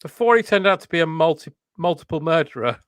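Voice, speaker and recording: A man's voice: fairly high pitch, sing-song, fast, a bit bright, clean tone, no room sound. A man co-hosting a comedy podcast, riffing playfully in casual banter. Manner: riffing, playful, mock-broadcaster asides.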